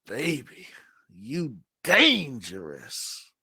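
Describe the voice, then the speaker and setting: A man voicing a big, muscular ladies' man with a low, cocky drawl. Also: wildly swooping pitch, very slow, vocal fry, sharp tone, husky, dry recording, full character voice.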